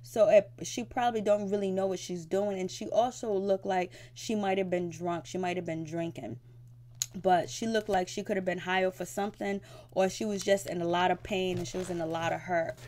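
A woman's voice: lowish voice, steady tone, normal speed, a little mellow. Chatty slangy woman reviewer. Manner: slangy, chatty, frequent fillers. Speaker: reality show reviewer. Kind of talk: casual spoken recap.

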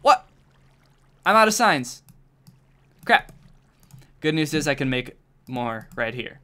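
A young man speaks slowly in a slightly high voice while streaming a game. He chats casually and makes jokes to himself and his viewers, excitable throughout, with keyboard typing audible behind him.

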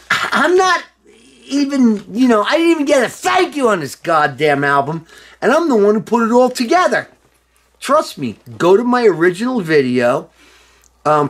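A tipsy middle-aged man rambling excitedly in a casual video monologue, swearing and breaking into loud outbursts. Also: fairly high pitch. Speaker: former band member showing a reissued album.

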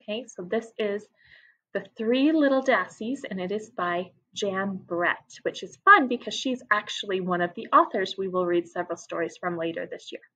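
A woman teacher reading a picture book aloud to her class, expressive and stopping to ask questions. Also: mid-range voice, moderate pace. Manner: expressive, asks listeners questions.

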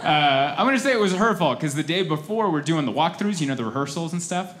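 A man's voice: fairly high pitch, expressive, fast talker, fairly bright tone. Self-deprecating comedian in his thirties. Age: 30s. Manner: self-deprecating, acts out voices and quotes. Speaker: stand-up comedian. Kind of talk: stand-up comedy set. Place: comedy stage before a laughing audience. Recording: live comedy set with audience noise. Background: audience laughter.

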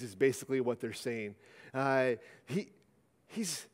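A man's voice: medium pitch, expressive, unhurried. A man preaching a sermon in a church sanctuary, in a conversational style that often restarts and repeats words. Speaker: pastor. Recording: long church-hall reverb.

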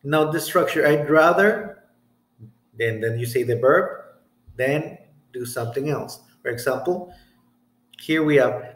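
Teacher, male, patient and very slow, drawn-out example sentences with frequent "okay?", echoey room. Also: on the high side, fairly bright tone. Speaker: English teacher. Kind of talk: recorded grammar lesson.

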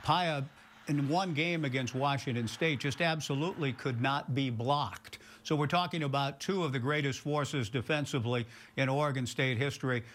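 Man, radio sports announcer, mid pitch, measured polished delivery. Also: a bit bright, slight background noise. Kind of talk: broadcaster commentary.

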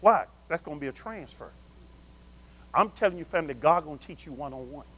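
High-pitched animated preacher man. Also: a little fast. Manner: animated call-and-response preaching, addresses the congregation as family. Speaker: pastor. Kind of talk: sermon.

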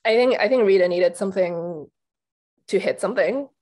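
A woman's voice: mid-range voice, moderate pace, a little mellow. A young woman in casual panel talk as an awards pundit, chatty, with lots of fillers and restarts.

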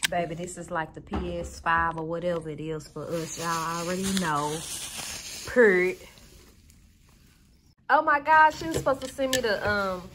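A woman vlogs casually and candidly, talking straight to her viewers and calling them y'all, animated and breaking into excited squeals. Her voice sits on the low side, with a moderate pace, long pauses and a noisy background.

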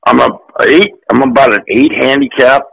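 A man in his sixties, an actor being interviewed, telling stories in a lively, casual way. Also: medium pitch, moderate pace, creaky, husky, no room sound, poor audio. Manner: animated, jumps into acted voices. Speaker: guest actor. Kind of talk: casual storytelling.

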